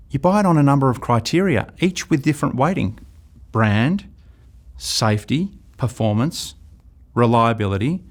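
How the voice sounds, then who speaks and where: A middle-aged Australian man teaching a sales course, telling anecdotes and acting out dialogues. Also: mid-range voice. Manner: lively storytelling, acts out dialogues. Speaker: sales trainer. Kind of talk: recorded course lecture.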